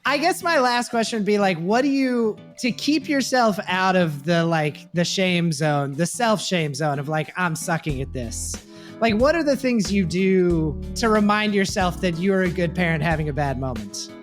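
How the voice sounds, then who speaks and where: A man hosting a casual podcast, telling animated stories about his kids and swearing offhandedly. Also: sits high, moderate pace, faint music behind. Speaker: podcast host.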